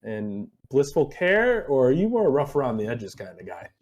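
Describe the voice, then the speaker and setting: A man's voice: medium pitch, sing-song, normal speed, darkish tone. A man co-hosting mock improv interviews, teasing and playfully mock-bossy. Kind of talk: improv comedy.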